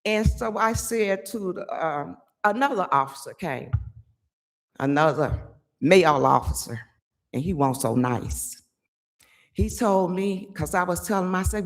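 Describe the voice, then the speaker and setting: An older woman giving an angry, emphatic public comment at a village board meeting, often pausing to ask "okay?". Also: on the low side. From Chicago area.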